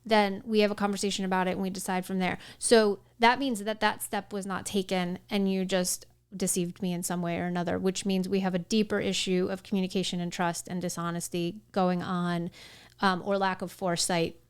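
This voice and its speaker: A woman's voice: mid-range voice, little pitch movement, fairly quick, clear, resonant tone. A woman co-hosting a podcast in casual chat, talking earnestly and at length, often breaking into laughter. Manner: earnest and explanatory, laughs easily. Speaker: podcast co-host.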